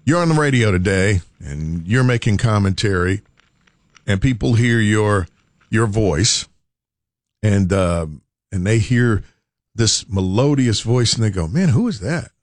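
A man's voice: fairly low pitch, a little slow, dry recording, clean studio sound. Man telling a playful story. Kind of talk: casual talk show chat.

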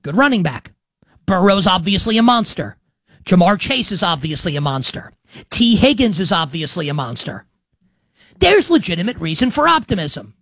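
With no room sound behind him, a man in his thirties with a high, sing-song, slightly bright voice talks at normal speed as host of a sports betting show. His casual talk-show monologue is chatty and rambling, full of restarts, asides and "like".

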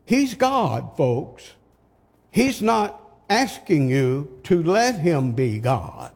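An older man preaching a sermon, slow and emphatic, asking his listeners rhetorical questions. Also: a little high, big pitch swings, gravelly, darkish tone, husky. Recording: long hall reverb.

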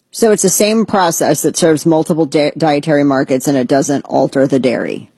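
A woman's voice: deep voice, moderate pace, few pauses, dark tone, breathy edge, no room sound. A woman hosting a talk show, giving blunt, sarcastic, rambling commentary. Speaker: podcast host. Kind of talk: opinionated casual commentary.

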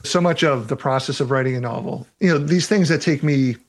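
A man who writes novels reads aloud from his book and answers reader questions in a relaxed way, laughing often. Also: medium pitch, brisk. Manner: relaxed, laughs often, uses fillers such as "you know".

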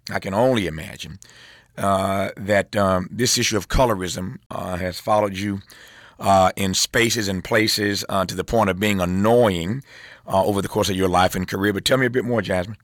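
Male radio interviewer, low voice, dry close sound; measured, filler-heavy questions. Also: fairly even intonation, fairly bright tone, no echo. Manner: thoughtful, hesitant with many fillers.

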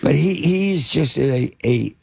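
An older man tells show-business stories in a gravelly, slightly husky voice. He stumbles through ums and false starts, circling back before landing each point. The sound is close and dry. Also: a little high, expressive, darkish tone, no echo. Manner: halting, lots of fillers and restarts. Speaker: interview guest, film producer and actor. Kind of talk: anecdotal storytelling in conversation.

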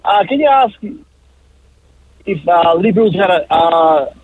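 An Australian truck driver in his forties phones in to late-night radio, stumbling through fillers between jokes. The call sounds thin and tinny, and his voice is slightly husky. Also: sits high, animated, no echo. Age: 40s. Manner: halting, many fillers, joking. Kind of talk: talkback call.

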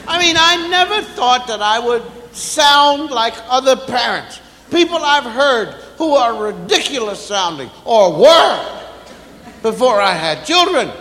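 A man performing a stand-up routine before a live audience, acting out parents and children with rapid repeated phrases. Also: very high-pitched, very animated, pushed and bright. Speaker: stand-up comedian. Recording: echoey hall with audience.

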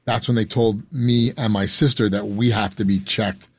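Husky-voiced man, earnest and halting. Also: fairly low pitch, steady tone, dry recording. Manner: earnest, repeats himself, stumbles over words. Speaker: guest on a radio show. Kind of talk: casual conversation.

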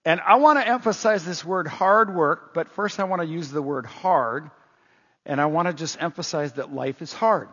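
An older pastor preaches in a high, husky voice. He talks in a folksy, conversational way and leans on emphatic repetition. His voice is recorded dull and lo-fi, with long reverb from a church hall. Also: normal speed, fairly bright tone. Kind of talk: sermon. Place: church sanctuary.

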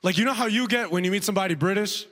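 A man performing a stand-up comedy routine, animated and laughing at his own jokes. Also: sits high, rapid-fire. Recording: long hall reverb.

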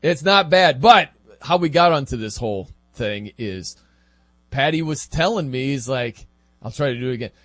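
A man hosting a casual sports talk show, chatty and animated, with laughing asides. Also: mid-range voice, normal speed, no room sound, soft background music.

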